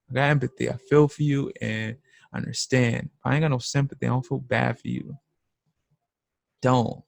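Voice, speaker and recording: A young man ranting bluntly on a live trading stream, with a gravelly rasp in his mid-pitched voice. His slangy, emphatic talk sounds close and dry, with no room around it. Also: a little mellow, no echo. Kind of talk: casual unscripted rant.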